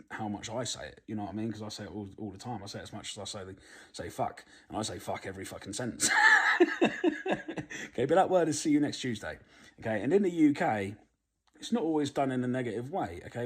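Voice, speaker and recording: A man's voice: lowish voice, a little mellow, husky. A British man ranting casually to camera, blunt and swearing constantly. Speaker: vlogger.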